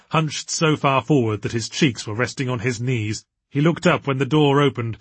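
A man narrating an audiobook story in measured storytelling tones with a husky voice. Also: mid-range voice, fairly bright tone, no room sound.

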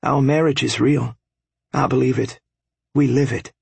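A man voicing a gentle, devoted young woman in an audiobook, in a soft, breathy, earnest voice raised well above his own. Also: mid-range voice, steady tone, measured pace, no room sound, pitched above the performer's own voice, heavily acted.

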